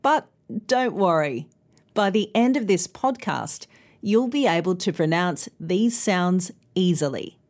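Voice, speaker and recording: A woman presenting a scripted pronunciation podcast lesson in a clear, careful, instructive way. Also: lowish voice, lively intonation, slow pace, a little mellow. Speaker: pronunciation teacher and news presenter.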